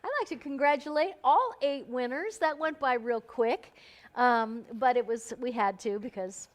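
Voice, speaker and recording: A woman's voice: fairly high pitch, normal speed. A woman hosting a live stream, chatting casually and bubbly as she calls out giveaway winners by name. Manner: bubbly, chatty, playful emphasis on names. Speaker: host.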